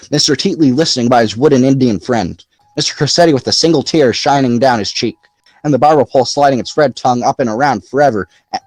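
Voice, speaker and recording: A man narrating a novel aloud in an expressive, lively storytelling manner. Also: mid-range voice, no room sound. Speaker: audiobook narrator. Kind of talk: scripted narration.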